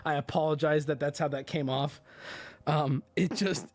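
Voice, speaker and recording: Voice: mid-range voice, fairly even intonation, moderate pace, a little mellow. A livestreamer chatting casually with viewers, loose and profane, talking straight to chat.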